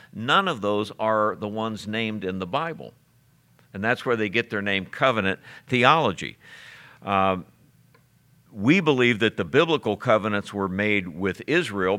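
A man's voice: lowish voice, bright, forceful tone. A male pastor teaching his church in a conversational sermon, with frequent fillers and restarts.

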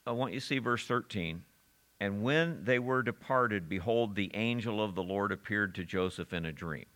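A man leads a Bible study, moving verse by verse and reasoning aloud. His voice is fairly low yet bright and forward, and he talks conversationally, restarting phrases and quizzing the listeners. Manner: conversational, with frequent restarts and audience questions. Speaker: Bible teacher.

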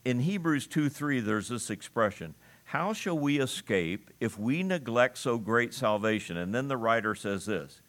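A man preaching an expository sermon, emphatic, slowing down to stress key phrases and reading scripture aloud. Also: mid-range voice, animated, fairly bright tone. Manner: reads scripture aloud in old-fashioned wording.

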